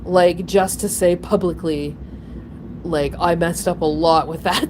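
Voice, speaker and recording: A woman hosting a casual chat, rambling through a story with frequent laughter and sudden high, emotional bursts. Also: a little slow, slight background noise. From Ontario, Canada. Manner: rambling, animated, laughs often, breaks into emotional high pitch. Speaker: channel host.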